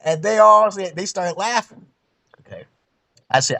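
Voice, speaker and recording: A man's voice: sits high, lively intonation, moderate pace, gravelly, bright, forceful tone. A man in his forties with a New York accent, hosting a casual chat and telling stories animatedly, laughing as he goes. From Brooklyn, New York. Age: 40s. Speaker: host.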